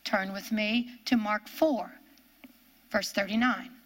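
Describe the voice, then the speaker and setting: A woman preaching a sermon, swinging from loud, fervent peaks to hushed lows and reading scripture aloud. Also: steady tone, slow. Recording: echoey hall.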